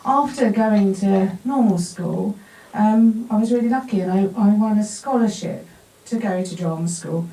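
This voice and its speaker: A woman's voice: medium pitch, normal speed, few pauses, warm tone. Self-mocking woman, roomy distant sound. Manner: self-deprecating, laughs often at her own story. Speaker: actor telling her story to a live audience. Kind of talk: humorous personal storytelling talk. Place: bar event space before an audience.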